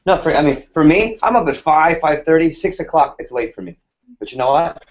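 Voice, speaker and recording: A man's voice: fairly high pitch, lively intonation, brisk. A man in his thirties leading a sales team workshop, talking casually and energetically and firing rhetorical questions at the room. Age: 30s. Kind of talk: motivational workshop talk. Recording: slightly muffled lo-fi sound.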